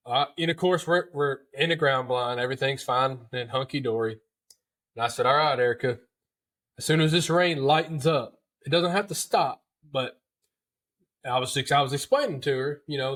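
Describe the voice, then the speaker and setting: A man's voice: mid-range voice, moderate pace, a bit bright. A man, hosting a podcast and telling a hunting story in a chatty, folksy way. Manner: chatty, folksy, repeats words and calls listeners dude. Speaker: podcast host. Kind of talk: casual storytelling.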